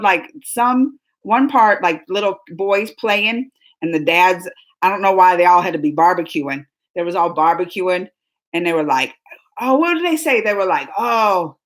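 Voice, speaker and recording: A woman hosting a casual reaction discussion, talking in an animated, rambling and emphatic way with the people in the room. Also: medium pitch. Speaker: reaction show host.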